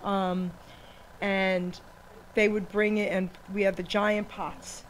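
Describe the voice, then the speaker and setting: Woman radio host, teasing and animated, laughs a lot, live studio with faint background hiss. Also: mid-range voice, slow, low-quality recording. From Italian-American family. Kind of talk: casual chat.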